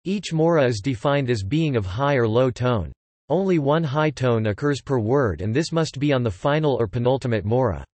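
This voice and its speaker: Male text-to-speech narrator, mid pitch, flat machine reading of reference text, bone-dry close sound. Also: moderate pace, dry recording. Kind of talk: synthetic encyclopedia narration. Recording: dry, close synthetic audio.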